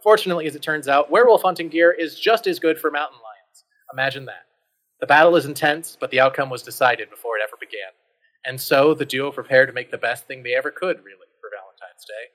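A man's voice: medium pitch, quick pace, a bit bright, rough recording. A man narrating a choose-your-own-adventure tabletop story he wrote. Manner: dramatic storytelling. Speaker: narrator and writer.

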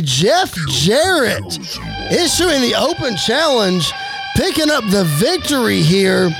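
A man giving energetic play-by-play wrestling commentary over a game. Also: very high voice, gravelly. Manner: energetic play-by-play, occasional slips. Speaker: game narrator.

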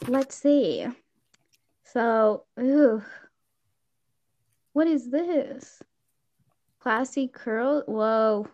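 A lively teenage girl chatting casually, full of exclamations and quick asides. Her voice sits on the high side. The recording sounds muffled and lo-fi. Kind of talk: casual chat. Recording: dull lo-fi sound.

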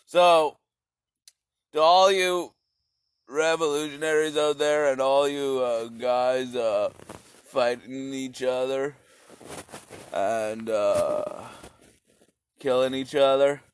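A man's voice: mid-range voice, steady tone, takes it slowly, pauses often, clean tone. A man talking in a rambling, profane philosophical monologue, repeating his phrases as he goes.

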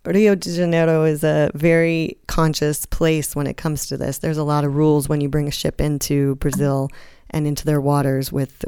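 A woman's voice: low-pitched, a little mellow, clear, resonant tone, no room sound, clean studio sound. A woman hosting a casual interview, affirming her guest and talking with some restarts. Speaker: interview host.

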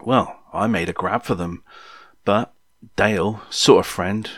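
A man in his sixties tells an old story in a loose, chatty way, full of ums and little jokes to the listener. His voice sits on the low side. The sound is dry and close, with no room echo. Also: measured pace, fairly bright tone. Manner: rambling and jokey, with frequent ums and asides to listeners. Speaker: podcast storyteller. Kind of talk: casual spoken memoir.

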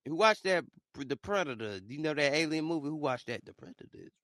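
Young man, solo monologue, rambling and excitable, fairly high voice, dry close mic. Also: fairly quick, no echo. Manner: rambling, excitable, swings between low mutters and loud outbursts. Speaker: podcaster.

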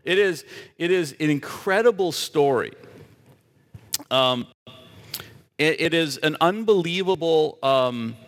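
A man's voice: a little high, lively intonation, slow pace, long pauses, in a large hall. A man preaching a sermon as a pastor, emphatic and asking the audience rhetorical questions.

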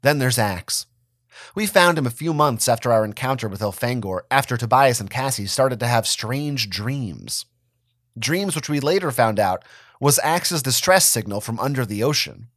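A man giving a dramatic reading of a first-person story, expressive and wry. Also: mid-range voice, moderate pace, dry recording, studio quality. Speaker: reader of a fan story.

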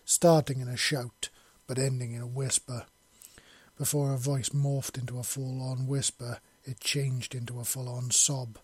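Male narrator, dramatic fantasy audiobook read, husky mid voice, dry sound. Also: mid-range voice, flat delivery, unhurried, no echo. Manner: dramatic, vivid storytelling.

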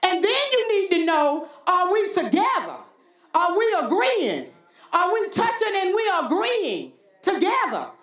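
A woman's voice: very high-pitched, wildly swooping pitch, a little slow, a bit bright, reverberant. A woman pastor preaching a sermon, calling out to the congregation with repeated "Huh?" and folksy talk. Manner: call-and-response preaching with frequent "Huh?".

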